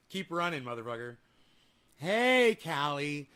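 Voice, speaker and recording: A man's voice: a little high, expressive, normal speed, pauses often, sharp tone. A man hosting a casual livestream, reading viewer comments and trash-talking in a crude, taunting way. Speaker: livestream host.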